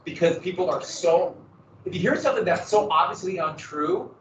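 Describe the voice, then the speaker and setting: Man, history teacher, classroom lecture, lively and sarcastic, echoey room, faint background hum. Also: high voice, normal speed. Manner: lively, sarcastic asides to students. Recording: echoey, distant, dull classroom recording.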